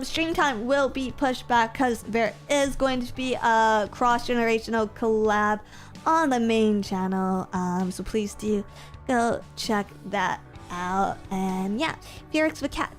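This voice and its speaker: A young woman with a fairly high voice chats playfully with her viewers as she wraps up a stream. She sounds bubbly and talkative. Faint music plays underneath. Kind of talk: casual stream outro chat.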